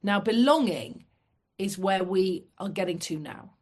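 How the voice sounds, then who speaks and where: A middle-aged woman from the United Kingdom, a podcast guest telling lively anecdotes with self-deprecating asides. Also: mid-range voice, a little slow. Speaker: guest, former fast jet pilot. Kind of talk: casual storytelling.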